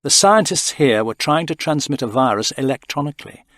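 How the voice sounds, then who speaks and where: A man's voice: medium pitch, lively intonation, brisk, fairly bright tone, dry recording, voice pushed up, close to an everyday voice. A man voicing a woman crew member in an audio story, urgent and pleading.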